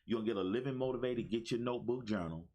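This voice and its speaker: A man's voice: medium pitch, racing, dull audio. A man in his fifties giving a livestream motivational talk, exuberant, with a preacher-like call-and-response manner. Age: 50s. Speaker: motivational speaker. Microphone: phone.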